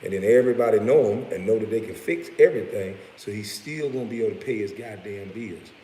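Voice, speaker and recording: A man's voice: fairly low pitch, fast, dark tone. A man vlogging, ranting bluntly and profanely, with laughing asides. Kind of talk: profane rant vlog. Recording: roomy echo with faint hiss.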